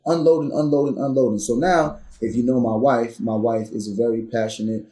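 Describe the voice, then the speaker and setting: Speaking briskly and in a steady mid-range tone, this podcast guest shares a candid personal story with real earnestness. The room sounds spacious, and his re-enactments of heated arguments climb in intensity until they turn loud.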